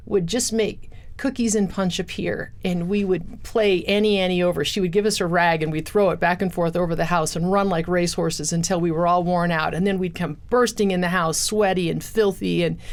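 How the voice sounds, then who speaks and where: A middle-aged woman, a guest in an interview, telling her life story earnestly in a studio. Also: lowish voice. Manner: earnest storyteller, acts out quoted voices. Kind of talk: personal testimony interview.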